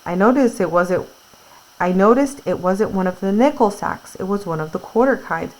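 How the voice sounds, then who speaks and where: A woman's voice: mid-range voice, lively intonation, normal speed, darkish tone, poor audio. Woman reading a novel aloud to a class. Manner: reads aloud, then retells in casual words with fillers. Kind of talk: classroom read-aloud with retelling.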